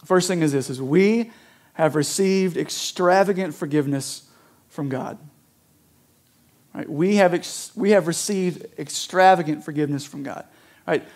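A man's voice: a little high, measured pace, darkish tone. A man preaching a sermon in a conversational way, often checking in with "right?" as he explains a parable. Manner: conversational, frequent "right?" asides. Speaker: pastor.

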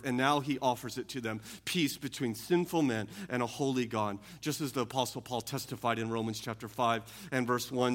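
A man preaching an earnest sermon, often restarting phrases and moving between quiet and emphatic passages. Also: medium pitch, moderate pace. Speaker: pastor.

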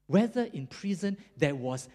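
Preacher, sermon storyteller: husky tone, pitch swinging widely, dramatic pauses. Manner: animated, dramatic pauses, chuckles while telling a story.

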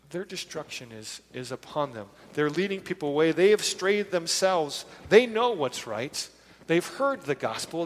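A man preaching a conversational sermon, retelling scripture in a casual way and briefly acting out its characters. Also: a little high. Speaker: pastor. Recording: long reverb of a large hall.

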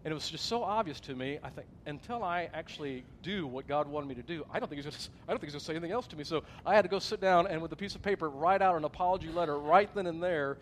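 A male pastor preaching a sermon in a plain, conversational way, earnest and personal. His voice sits a little higher than most men's, and a faint hiss runs under it. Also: racing, few pauses.

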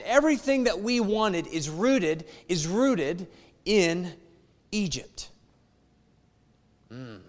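High-voiced preaching man in a reverberant church. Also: fairly bright tone. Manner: repetitive, emphatic preaching with rhetorical questions. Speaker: pastor. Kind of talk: sermon.

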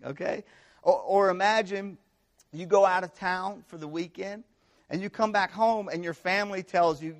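A young man preaching a conversational sermon to students, with animated storytelling and frequent rhetorical check-ins. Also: high-pitched, measured pace. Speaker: campus pastor.

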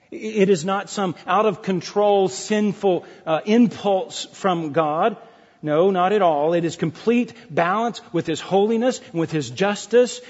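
Husky middle-aged preacher in a reverberant hall. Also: male voice, sits high. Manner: emphatic, repeats key phrases, conversational asides to the congregation. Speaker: pastor. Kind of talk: sermon. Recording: dull lo-fi sound with long hall reverb.

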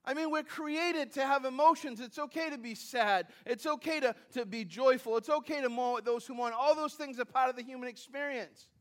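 A man's voice: very high voice, brisk, few pauses. A man preaching a sermon in a conversational way, with asides and self-deprecating humor, often repeating phrases and restarting as he builds his points. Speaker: pastor.

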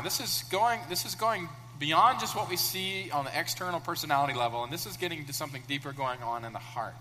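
Animated man preaching in an echoing hall. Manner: animated, acts out the characters in sudden loud high bursts. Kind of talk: sermon. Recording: long echo of a large room, faint hum.

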